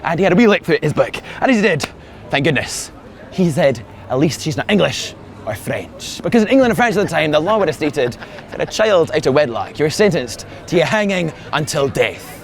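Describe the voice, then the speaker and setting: A man with a Scottish accent telling stories as a lively tour guide out on the streets. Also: a little fast. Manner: animated storyteller, rises in pitch for punchlines. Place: outdoors on city streets.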